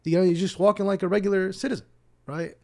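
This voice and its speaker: A man from Palestine's West Bank, a guest on a podcast, telling stories in an animated way and acting out the people in them. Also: sits high, quick pace, gravelly. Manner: animated, acts out dialogue, repeats words when starting sentences. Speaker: podcast guest, Islamic teacher. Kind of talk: casual storytelling interview.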